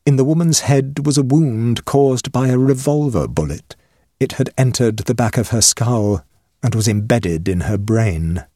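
A man narrating a ghost story in an expressive audiobook reading. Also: medium pitch, unhurried, dry recording, studio quality.

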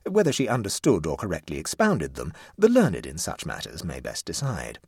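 Male audiobook narrator: husky, lower-pitched voice, very lively melodic reading. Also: normal speed, no room sound, studio quality.

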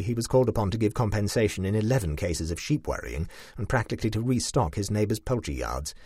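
A man reads a short story in a wry, dry tone, his husky, lowish voice swooping widely in pitch. The recording is close and dead, with no room sound. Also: a little mellow, no room sound. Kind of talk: audiobook reading of a short story.

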